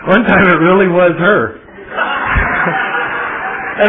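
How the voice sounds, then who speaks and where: A man's voice: high-pitched, measured pace, background noise. A man telling his own recovery story to a meeting, self-mocking and loose, with many fillers and restarts. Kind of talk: personal story told to a live audience. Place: meeting room at a podium. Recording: tinny phone-like old tape.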